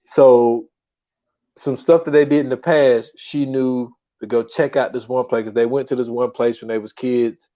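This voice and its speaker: Animated casual man retelling a show. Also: medium pitch, normal speed, lo-fi sound. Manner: animated storytelling, acts out quotes, profane. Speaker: podcast co-host. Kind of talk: casual chat reviewing shows.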